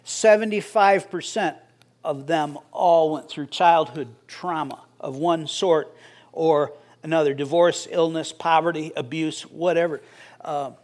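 A middle-aged man preaching a sermon as pastor, conversational and joking with the congregation. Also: a little high.

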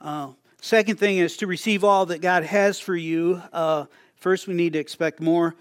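A man's voice: sits high, fairly even intonation, moderate pace, clear, resonant tone, dry recording, clean studio sound. Older male pastor, chatty preaching. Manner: conversational preaching with frequent restarts and chuckles. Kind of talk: sermon.

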